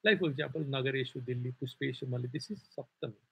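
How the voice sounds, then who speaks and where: A man's voice: mid-range voice, racing, creaky, breathy edge, poor audio. A man with an Indian accent teaching a scripture class, explaining in a loose, digressive way full of "sort of" asides. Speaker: Vedanta teacher.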